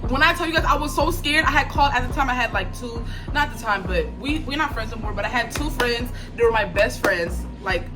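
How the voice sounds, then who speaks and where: Young woman vlogging a storytime, high voice, super animated and slangy, music playing under her. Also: fairly quick, few pauses. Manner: animated, slangy, frequent laughs and acted quotes. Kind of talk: casual storytelling to viewers.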